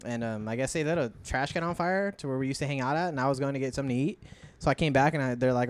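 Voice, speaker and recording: A young man in casual chat, telling animated, profanity-filled stories. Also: mid-range voice, slight background noise. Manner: fast, profane, animated storyteller.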